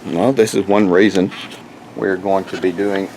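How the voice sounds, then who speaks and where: A man's voice: sits low, fairly even intonation, unhurried, darkish tone, slight background noise, poor audio. A man giving a folksy, rambling walk-through of his garden, often repeating words as he talks to viewers. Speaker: homestead vlogger. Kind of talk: casual walk-through chat. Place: outdoors in a garden.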